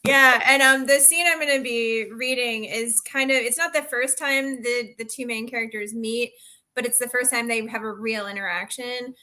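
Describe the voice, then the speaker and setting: A woman author, a guest on the show, reads aloud from her own novel at a steady pace and corrects herself lightly now and then. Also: on the high side, normal speed.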